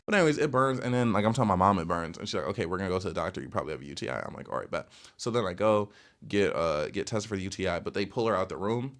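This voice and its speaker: A young man casually telling a storytime rant, rambling with lots of filler words and sudden jumps in pitch. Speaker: storytelling vlogger.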